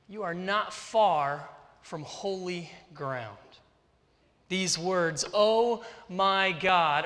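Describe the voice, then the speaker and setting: A man preaching a sermon in a slow, earnest, deliberate way, with dramatic pauses. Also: sits high, bright, forceful tone. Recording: reverberant hall.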